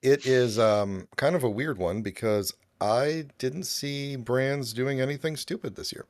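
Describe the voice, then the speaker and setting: A man co-hosting a casual chat show, relaxed and rambling with fillers. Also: mid-range voice, a little slow. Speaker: co-host.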